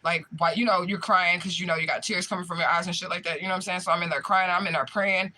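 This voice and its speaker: A young man telling a profane, animated story in casual chat, often laughing as he retells it. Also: sits high, quick pace. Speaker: spiritual medium livestream host.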